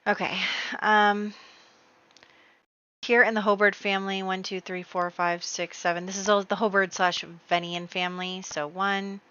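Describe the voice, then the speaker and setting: A woman hosting a casual gameplay video, excitable and full of exclamations as she talks to her viewers. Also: medium pitch, moderate pace, smooth, lo-fi sound. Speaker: let's play host.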